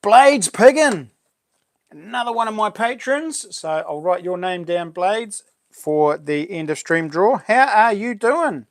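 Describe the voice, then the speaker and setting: Speaking slowly in a high-sitting voice, a middle-aged New Zealander runs a laid-back live stream. He chats away, calling out viewers by name and welcoming each one warmly.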